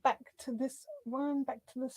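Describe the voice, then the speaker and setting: A middle-aged Australian woman chats through a live crafting session. Her voice sits fairly high, and she rambles through anecdotes, dropping to murmured asides. The sound is dry and close, with no room around it. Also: fairly even intonation, moderate pace, dry recording. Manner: chatty storytelling, often trailing off into quiet asides. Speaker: host of a live craft stream. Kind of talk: casual chat while crafting.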